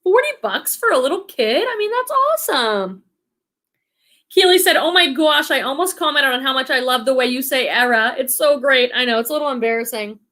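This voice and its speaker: A woman's voice: sits high, lively intonation, a little fast, sharp tone. A woman from the Boston area with a slight Boston accent, hosting a casual livestream and chatting upbeat with viewers. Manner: chatty, upbeat, reads viewer comments aloud. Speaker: livestream host. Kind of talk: casual livestream chat reading comments.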